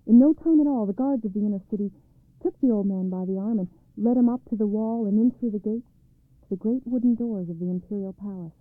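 A woman reads a storybook aloud in a calm, measured voice. Her pitch sits right in the middle of the range. The sound is thin and phone-like, with no room around it at all. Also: dry recording. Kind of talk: storybook narration. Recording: dry, tinny phone-like sound.

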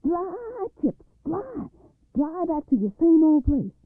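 A man's voice: high-pitched, lively intonation, normal speed, dry recording, voice pushed up. A man voicing a nervous but bold young boy, raising his voice for the part. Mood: hollering. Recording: dry tinny phone-like line.

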